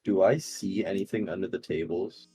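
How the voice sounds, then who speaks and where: A man's voice: deep voice, moderate pace, warm tone, slightly rough, soft background music. A man playing a tabletop game, casual and playful. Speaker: player.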